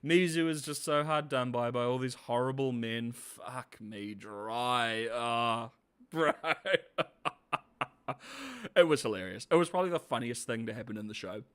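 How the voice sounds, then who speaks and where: A man's voice: mid-range voice, a little slow, a bit bright, clear, resonant tone. A man giving a casual, sarcastic video review, often laughing, swearing and calling people bro. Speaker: show reviewer.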